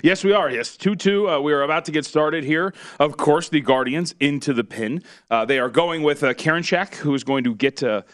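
A man co-hosting a sports betting show, talking stats and calling plays in casual chat. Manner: fast, animated, calls pitches live. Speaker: sports betting analyst, co-host.

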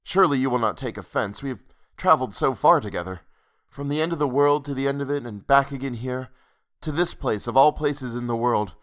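A man's voice: mid-range voice, brisk, a bit bright, natural voice. Casting: man playing a haggard, haunted lover in a storybook ghost tale, eager and pleading, slightly raised voice. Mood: longing. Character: haunted weary man, earnest and longing.

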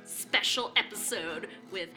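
A woman's voice: medium pitch, slow, pushed and bright, soft background music. A young adult woman hosting a podcast, reading an enthusiastic, upbeat introduction. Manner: enthusiastic, upbeat promotional delivery. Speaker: podcast host.

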